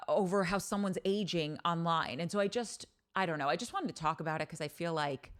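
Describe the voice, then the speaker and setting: A woman hosting a podcast, talking in a candid, animated monologue, telling stories with frequent swearing and restarts. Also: fairly low pitch. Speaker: podcast host. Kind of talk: casual monologue.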